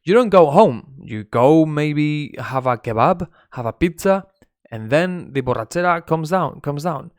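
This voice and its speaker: This native Spanish speaker from Spain has a fairly high, animated voice with a Spanish accent, and he takes his time. He runs a casual live-stream English lesson in a chatty, gossipy style, cursing and mixing in Spanish, captured as clean studio sound without echo.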